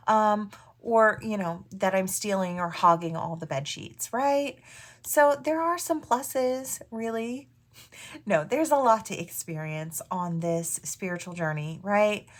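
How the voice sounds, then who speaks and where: A woman giving a casual tarot reading to viewers, musing aloud in a chatty way with soft asides. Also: medium pitch. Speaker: tarot reader.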